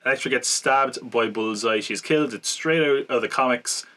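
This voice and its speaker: A man with a bright, forceful voice and a middle pitch co-hosts a podcast. He recaps a film's plot in casual chat that rambles along, full of fillers and quick self-corrections. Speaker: podcast co-host. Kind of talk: casual film-review chat.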